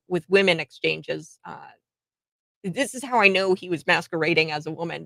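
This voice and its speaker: A woman's voice: mid-range voice, a bit bright, no room sound. A woman who grew up in the rural United States, hosting a chatty, sarcastic commentary and laughing often. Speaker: commentary host. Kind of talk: opinionated commentary.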